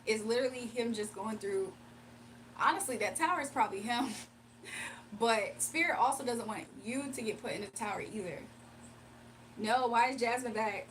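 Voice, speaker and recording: A woman's voice: a little high, moderate pace, pauses often, a bit bright, distant mic, a little hiss or hum. A young woman hosting a casual livestream, chatting with viewers, reading their comments aloud and laughing often. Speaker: livestream host giving spiritual readings.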